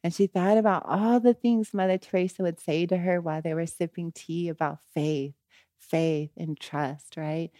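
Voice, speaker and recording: Lower-voiced woman telling a story. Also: normal speed, dry recording, studio quality. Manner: animated retelling, frequent "you know" and "right?"; gets louder and higher when she quotes the people in the story. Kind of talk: casual spoken storytelling.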